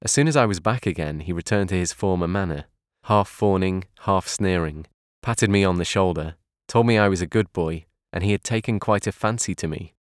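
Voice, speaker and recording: A man narrating an audiobook in a calm, measured reading voice. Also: low voice, no room sound, studio quality.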